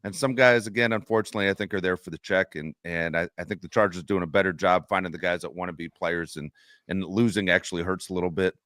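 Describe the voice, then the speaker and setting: A man with a lowish voice co-hosts a sports podcast in casual chat. He tells stories with animation and laughs often. The sound is dry and close, with no room around it. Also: steady tone, fast talker, a bit bright, dry recording. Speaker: podcast co-host.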